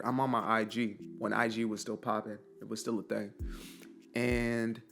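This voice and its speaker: A man in a casual, earnest motivational monologue, telling stories and asking rhetorical questions. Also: mid-range voice. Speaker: motivational vlogger.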